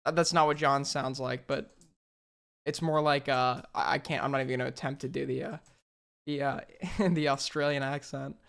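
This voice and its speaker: A man hosting a casual reaction commentary, sarcastic and animated, swearing freely. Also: medium pitch, moderate pace, vocal fry. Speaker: commentary host.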